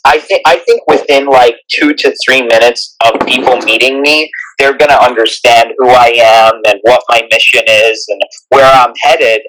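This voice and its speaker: A man's voice: medium pitch, fairly bright tone, rough recording. A man with a Persian accent who talks in a rambling, earnest way and often restarts his sentences in a casual live audio chat. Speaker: guest speaker.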